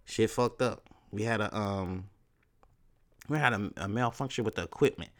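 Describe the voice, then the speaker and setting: A man holds forth alone on his podcast, his voice sitting a little low. He rambles in a laid-back, profane way, full of street slang. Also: normal speed. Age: 30s. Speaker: podcast host. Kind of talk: casual solo podcast talk.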